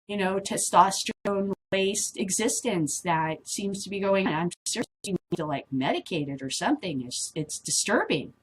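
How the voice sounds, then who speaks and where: A woman's voice: medium pitch, moderate pace, a little hiss or hum. A middle-aged woman hosting a casual vlog, reading news and commenting on it in a blunt, rambling way that drifts off topic. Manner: rambling, easily sidetracked, blunt and swearing.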